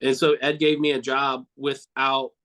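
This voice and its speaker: A man's voice: mid-range voice, level tone, a little slow, pushed and bright, low-quality recording. A man recounting memories of a friend in a casual, heartfelt interview, rambling and swearing now and then. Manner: earnest, repeats himself often. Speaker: cartoonist guest.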